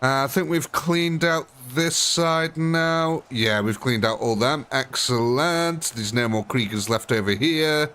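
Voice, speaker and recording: A man's voice: medium pitch, a little slow, few pauses, a bit bright, smooth. Chatty male gaming streamer. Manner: chatty, thinks aloud, talks to units on screen. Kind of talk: live gameplay commentary.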